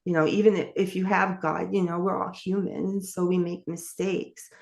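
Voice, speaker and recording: A woman's voice: fairly low pitch, little pitch movement, moderate pace, gravelly, darkish tone. A middle-aged woman telling a story as an interview guest, rambling along with many fillers and self-corrections. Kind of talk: casual storytelling chat.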